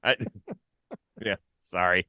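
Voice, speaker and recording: A man's voice: deep voice, extremely slow, bright, forceful tone, no echo, studio quality. A man hosting a baseball talk show, playful and stat-heavy in casual chat.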